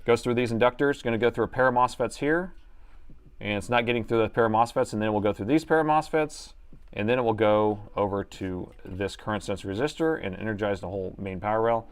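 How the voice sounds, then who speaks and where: A fairly low, clean-toned male voice, a little fast, belongs to a middle-aged man repairing laptops live in his workshop. He rambles along with jokes, reasoning out loud and occasionally sounding like an announcer.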